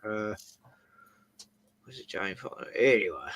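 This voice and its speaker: A man's voice: on the low side, expressive, a little slow, noisy background. A man with an Australian accent hosting a casual chat, rambling through anecdotes with chuckles. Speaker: host.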